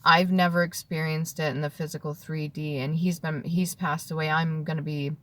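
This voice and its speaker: A woman in her thirties telling an emotional personal story to the camera, tearful and heartfelt, dropping at times to a soft whisper. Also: low voice, flat delivery, moderate pace. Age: 30s. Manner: tearful and heartfelt, drifting between soft whispers and earnest talk. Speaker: vlogger.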